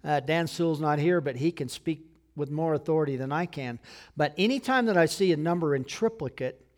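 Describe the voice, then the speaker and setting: A man's voice: fairly high pitch, brisk. A middle-aged man, a pastor, preaching a sermon in a conversational way, often checking in with his listeners. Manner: conversational preaching with frequent "okay?" check-ins.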